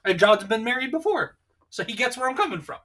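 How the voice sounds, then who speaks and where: Man, livestream host, easygoing, laughs often, reads chat aloud, bright tone. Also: extremely high pitch, expressive, fast, slight background noise. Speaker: streamer host reading chat.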